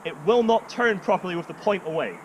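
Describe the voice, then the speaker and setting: High-voiced showman juggler outdoors. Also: lively intonation, quick pace, dull audio. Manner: theatrical, playful, jokey. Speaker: juggling performer. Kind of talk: showman's patter for a video performance. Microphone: camera run by an assistant. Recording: noisy outdoor recording.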